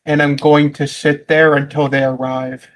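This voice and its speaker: A man's voice: on the high side, flat delivery, moderate pace, a little hiss or hum, rough recording. A man, a player in a tabletop role-play game, chatting casually with dry jokes over a voice call.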